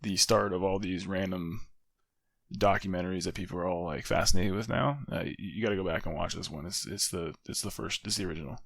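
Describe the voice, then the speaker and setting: A man co-hosting a podcast, relaxed and joking in casual chat. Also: low voice, fast talker, vocal fry, no echo, clean studio sound. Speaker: podcast co-host.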